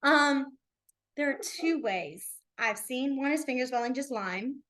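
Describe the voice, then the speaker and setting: A young sign language teacher speaks with a high pitch, lively intonation and a fairly bright tone, never rushing. She leads her beginners' class in a library classroom in a chatty style, full of "um"s and "like"s.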